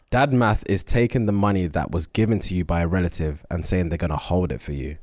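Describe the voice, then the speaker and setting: A man's voice: low voice, brisk, a little mellow, no room sound, clean studio sound. A man, co-hosting a comedy podcast with laid-back, laughing chat. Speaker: podcast co-host.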